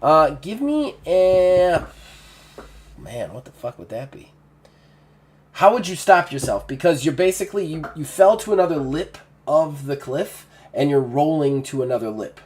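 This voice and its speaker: A man's voice: a little high, expressive, a little slow, slight background noise. A man running a tabletop game as game master, casual, swearing and laughing as he narrates.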